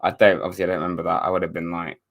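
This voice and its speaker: A man's voice: deep voice, little pitch movement, racing, vocal fry, fairly bright tone. A young man from England hosting a live stream, chatting casually and answering viewer comments with rambling, wry asides. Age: young adult. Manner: rambling, self-correcting, wry sarcastic asides. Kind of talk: casual watchalong chat reading viewer comments.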